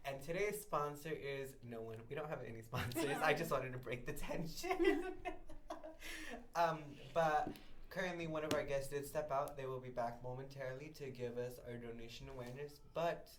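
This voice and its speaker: A man's voice: mid-range voice, a little fast. A teenage male student hosting a casual school podcast, teasing and laughing often. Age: teens. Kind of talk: casual chat.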